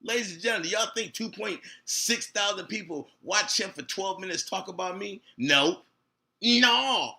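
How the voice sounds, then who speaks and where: A man's voice: high-pitched, normal speed, gravelly, pushed and bright. A man, ranting on a livestream in a profane, confrontational way, repeating himself often. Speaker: streamer. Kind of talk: heated livestream rant.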